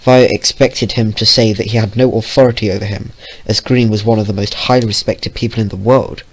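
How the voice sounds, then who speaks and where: A man reads a story aloud in a low voice. His delivery is plain and steady, with the odd small slip. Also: a little fast. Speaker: fanfiction reader.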